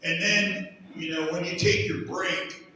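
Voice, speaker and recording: A middle-aged man sharing his recovery testimony in a halting, rambling way with many fillers. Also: sits high, fairly even intonation, bright, forceful tone, a little hiss or hum. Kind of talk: personal testimony. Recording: echoey hall from far off.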